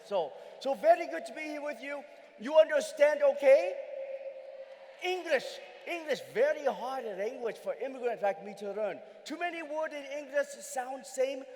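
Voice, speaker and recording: A keynote speaker putting on a playful male immigrant persona, clipping his words into broken English and calling out loudly to a crowd. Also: very high voice, moderate pace. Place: large convention hall. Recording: long reverb of a big hall.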